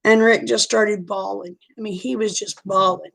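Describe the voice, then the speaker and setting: A woman's voice: medium pitch, fairly even intonation, normal speed, vocal fry. A middle-aged woman telling a personal story in a frank, chatty way. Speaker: vlogger. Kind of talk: casual storytelling.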